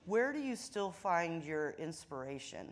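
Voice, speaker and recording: A woman's voice: low voice, very animated, a little slow, noisy background. A woman interviewer on stage who asks brief questions and drops in short encouraging replies. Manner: brief prompts and encouraging backchannels.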